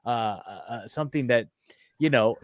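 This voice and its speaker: A man's voice: medium pitch, normal speed, no room sound, studio quality. A man in casual chat who searches for words, with many fillers and restarts.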